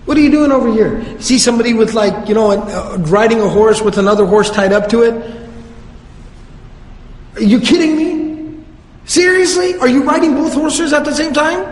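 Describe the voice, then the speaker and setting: An outraged older man snaps incredulous questions at anyone showing off wealth, as a male lecturer puts him on. His voice rides high, and a long reverberant hall tail follows every line. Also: moderate pace. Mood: exasperated. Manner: exasperated, incredulous scolding with slangy questions. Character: older indignant man scolding people over luxury.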